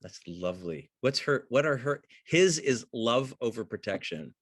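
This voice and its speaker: A man teaching acting, breaking down a film scene in an animated way and acting out the characters' lines. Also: medium pitch, normal speed, no echo, studio quality. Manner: excitable, acts out the lines of those he talks about.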